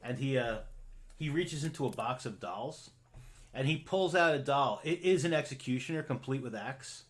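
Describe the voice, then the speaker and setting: A man's voice: medium pitch, animated, normal speed. A man narrating a tabletop game as game master, rambling and filling his talk with "like". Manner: rambling, full of "like" fillers.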